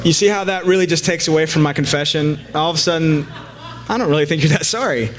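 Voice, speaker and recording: A man's voice: on the high side, quick pace, a crowd in the background. A man preaching a casual sermon to a live congregation, joking and conversational, with frequent fillers and restarts.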